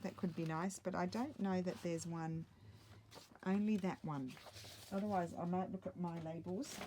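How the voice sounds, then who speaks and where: A woman's voice: on the low side, fairly even intonation, moderate pace, dark tone, slight background noise. A middle-aged woman chatting casually while she crafts, thinking aloud and muttering little asides to herself. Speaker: craft vlogger.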